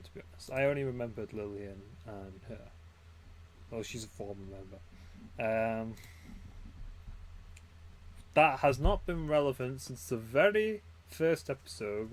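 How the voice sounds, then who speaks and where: A man's voice: medium pitch, heavy background noise. A man casually commenting on a game he is playing, rambling with many fillers. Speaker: game streamer. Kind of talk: casual let's play commentary. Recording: loud game music behind.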